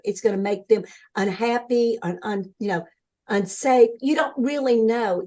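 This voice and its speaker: An older woman as an interview guest, telling her story in an earnest, animated way and acting out what others said. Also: fairly high pitch. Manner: earnest, animated storytelling, acts out quoted voices. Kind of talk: conversational interview.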